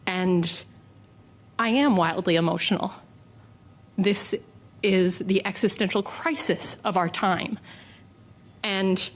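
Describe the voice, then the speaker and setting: Earnest woman politician, halting delivery. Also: mid-range voice. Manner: halting, earnest, emotional, with many pauses. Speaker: politician speaking at a committee. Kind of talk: formal committee remarks.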